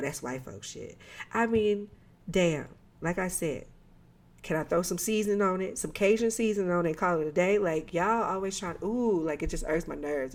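A woman co-hosting a podcast in casual chat, cursing freely and acting out quoted voices. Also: fairly low pitch. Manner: loose, profane and animated, with quoted asides. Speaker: podcast co-host.

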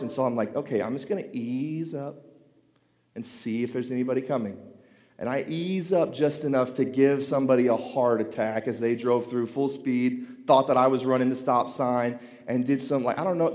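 A pastor in his thirties telling a self-deprecating, animated story from the pulpit. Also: medium pitch. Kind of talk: storytelling sermon. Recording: long hall reverb.

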